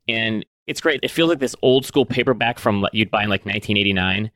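A man co-hosting a podcast in casual chat, relaxed and chatty with lots of fillers. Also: fairly low pitch, quick pace, no echo, clean studio sound. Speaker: podcast co-host.

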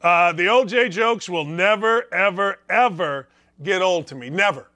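A middle-aged man hosting a sports talk show, energetic and quick to laugh. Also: sits high.

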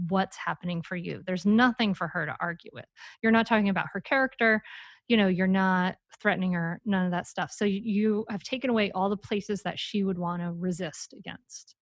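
A woman coaching a parent on a live call, animated and demonstrative, slipping into little acted examples. Her voice sits at an ordinary middle pitch. It is recorded close and dry, with no room sound. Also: no room sound. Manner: playful, demonstrative, acts out examples.

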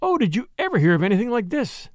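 A man reading a novel aloud and voicing an earnest young woman traveler in a softly raised voice. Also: very high voice, sing-song, fast talker, no echo, studio quality, pitched above the performer's own voice. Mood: amazed. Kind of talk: audiobook character voice.

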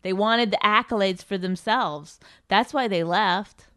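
A woman's voice: medium pitch, a little slow, bright, forceful tone, no echo. A middle-aged woman comedian in casual chat, blunt and teasing, arguing and swearing freely.

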